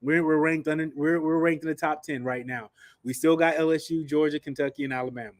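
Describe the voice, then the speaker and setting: An excitable man on a casual sports chat show, his words tumbling out with restarts and repeats. His voice sits a little high and sounds dry and close to the mic. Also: quick pace, no room sound. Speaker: show panelist, former player.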